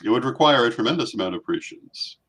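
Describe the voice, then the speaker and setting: A man co-hosting a talk show, chatting casually and offering measured, thoughtful remarks. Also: mid-range voice, animated, a bit bright, husky. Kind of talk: casual chat.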